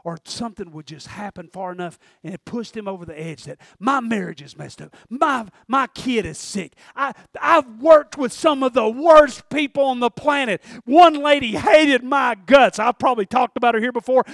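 A middle-aged man preaching a sermon and telling a personal story in a folksy way, swinging from hushed to loud. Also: very high voice, moderate pace, gravelly, few pauses, dry recording, clean studio sound. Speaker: pastor. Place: church sanctuary.

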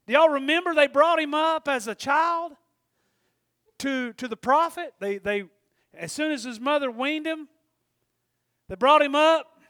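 A middle-aged man preaching a sermon, excitable, swinging between shouting and hushed talk. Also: very high voice, measured pace, long pauses, no echo, studio quality.

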